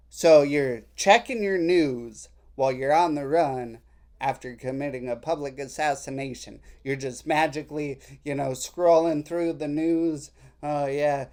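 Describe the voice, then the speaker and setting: A man's voice: mid-range voice, takes it slowly. A man commenting casually on text messages he reads out, sarcastic and mocking, rambling with fillers.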